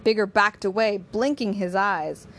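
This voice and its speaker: A woman's voice: mid-range voice, unhurried, a bit bright, a little hiss or hum. Woman narrating a novel aloud.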